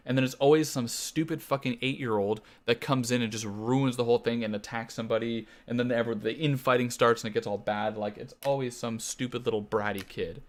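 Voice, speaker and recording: A man's voice: mid-range voice, steady tone, fast, hardly any pauses. A young Canadian man chatting casually and swearing freely while streaming a game, laughing now and then. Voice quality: casual, profane, laughs often. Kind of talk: casual gaming stream chat.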